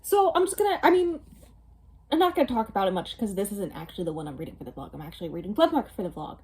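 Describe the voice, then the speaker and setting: Very animated and very fast, this book vlogger is a woman in her twenties with a medium-pitched voice that's a little mellow and slightly rough. She rambles casually to a camera at home, dropping plenty of fillers and little laughs.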